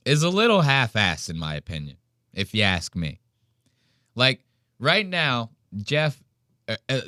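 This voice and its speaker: Man, podcast host, profane mocking rant, bright sharp voice, dry close sound. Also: on the low side, no echo. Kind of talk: ranting reaction commentary.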